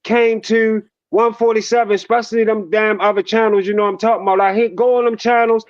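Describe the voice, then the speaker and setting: A man's voice: high-pitched, little pitch movement, fast, lo-fi sound. A man co-hosting a boxing talk show, ranting in a heated, profane casual debate with rhetorical questions. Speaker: boxing podcast co-host.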